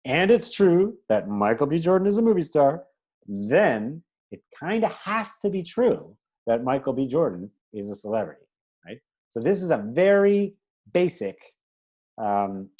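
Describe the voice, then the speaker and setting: A man teaching an informal class, his pitch rising and falling a lot as he explains. He talks in a chatty way and checks in with his students often. He sometimes stops to correct himself and restarts a sentence. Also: darkish tone. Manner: chatty, checks in with "right?" and "okay?"; self-correcting, with fillers and restarts.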